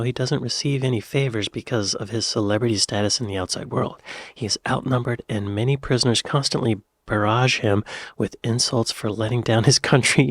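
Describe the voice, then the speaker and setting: A man's voice: mid-range voice, no echo, studio quality. An American man hosting a reaction video, reading film summaries aloud and adding casual remarks. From United States. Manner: reads summaries aloud, then remarks and chuckles.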